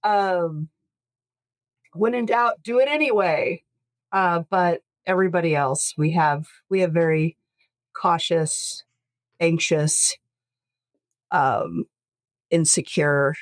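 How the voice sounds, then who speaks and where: Casting: lower-voiced woman host, casual chatty podcast, dry close sound. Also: slow, pauses often, no room sound. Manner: rambling, self-correcting, jokey. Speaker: podcast host, estate lawyer.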